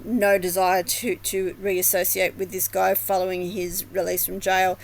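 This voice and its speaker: A woman's voice: lowish voice, flat delivery, unhurried, low-quality recording. A woman vlogger commenting casually at home, chatty and thinking aloud, swearing now and then. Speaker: vlogger analyzing body language. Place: home with dogs.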